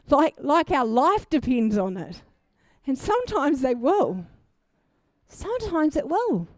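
A young woman preaching a sermon, telling a personal testimony in an animated way and building to fervent exhortation. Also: high voice, unhurried, dry recording. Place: church.

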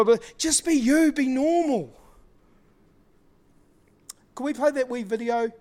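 A man preaching a sermon, telling lively stories and acting out the dialogue in them, in casual, slangy talk. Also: very high-pitched, a little slow, pauses often.

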